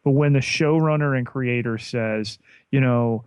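Male co-host, medium pitch, deadpan sarcasm, close dry mic sound. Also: unhurried, smooth, no room sound. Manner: dry and sarcastic, with frequent "uh" and "you know". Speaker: podcast co-host. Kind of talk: casual chat.

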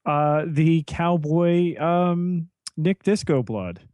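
Male podcast co-host, measured unhurried recap, mid-pitched, dry close mic. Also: a little mellow, no echo. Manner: unhurried plot summarizing with fillers. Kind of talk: casual episode recap.

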